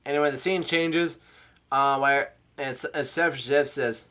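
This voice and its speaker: A man host reading through a comic chapter casually, in a halting way, stumbling over names and adding his own asides. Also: medium pitch, fairly even intonation, bright, forceful tone. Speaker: manga reader and channel host.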